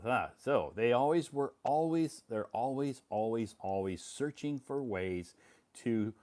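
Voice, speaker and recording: An American man in middle age hosts a casual English-learning live stream, talking in a relaxed, encouraging way, repeating phrases and answering viewers' comments. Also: medium pitch, measured pace. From United States.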